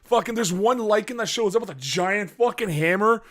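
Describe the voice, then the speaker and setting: A man chatting on a podcast, telling a story in an animated way and acting out his own reactions, with a lot of swearing. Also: high voice, normal speed. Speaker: podcast host. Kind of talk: casual podcast chat.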